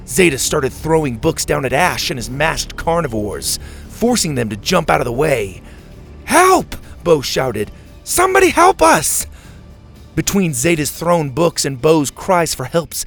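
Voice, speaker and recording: A man narrating a children's adventure story, lifting into high, loud voices for the shouting kids. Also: vocal fry. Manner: animated, jumps high for shouted kid lines. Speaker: audiobook narrator.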